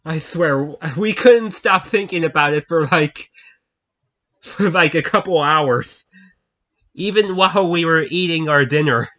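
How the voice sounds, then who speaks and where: A man's voice: on the high side, measured pace, a bit bright. A man telling viewers a funny story in a casual chat, often breaking into laughter and repeating himself. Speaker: channel host. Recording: dull lo-fi recording.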